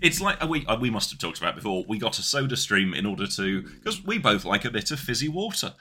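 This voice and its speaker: Teasing man, lively and bright. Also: fairly low pitch, quick pace, slight background noise. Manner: dry, teasing, exaggerating. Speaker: podcast co-host. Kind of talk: casual banter.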